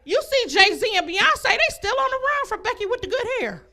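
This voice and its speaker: A woman's voice: very high-pitched, big pitch swings, measured pace, pauses often, pushed and bright. A woman doing a stand-up comedy set, brash and laughing between her jokes, on a comedy club stage.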